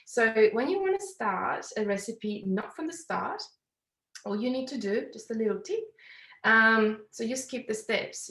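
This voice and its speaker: A woman with an Italian accent giving a live cooking class, explaining each step in a chatty, slightly apologetic way from her kitchen. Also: medium pitch. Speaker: cooking demonstrator. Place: home kitchen. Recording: roomy echoey kitchen.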